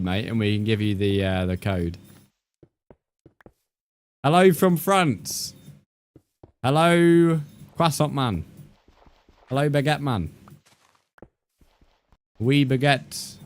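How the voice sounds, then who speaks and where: A young man streaming a game, chatting casually with viewers, joking, swearing and reacting to their comments. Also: medium pitch.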